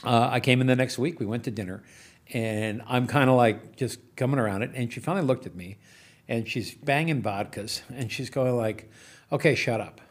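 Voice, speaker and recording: A man in a relaxed interview spins animated anecdotes about his business ventures. His voice sits at a middle pitch, and he chuckles and trips over his words as the stories build. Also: normal speed. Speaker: business investor and guest. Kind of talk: casual storytelling interview.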